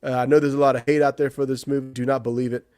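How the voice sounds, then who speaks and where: A man's voice: mid-range voice, level tone, rapid-fire, darkish tone. Chatty man reviewing a movie. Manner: rambling, many restarts and "you know". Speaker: podcast co-host, movie reviewer. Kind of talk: casual chat.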